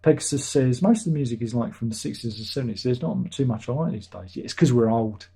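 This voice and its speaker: Reading out chat on his livestream, this middle-aged British host keeps things chatty, tossing in dry jokey asides and chuckling. He talks fast and animatedly at a medium pitch, his warm voice carrying vocal fry and a slight roughness.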